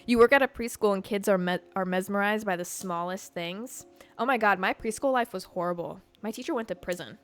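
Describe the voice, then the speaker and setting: Young woman podcaster rambling a personal story, swears a lot, says like constantly, soft music under it. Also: mid-range voice, fairly quick. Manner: chatty and profane, heavy use of "like". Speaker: podcast host. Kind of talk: casual storytelling to a stream audience.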